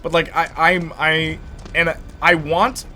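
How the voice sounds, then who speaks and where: A young man chatting casually while streaming a game, telling stories in an animated way with lots of fillers. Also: on the high side, slow pace. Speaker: gaming streamer.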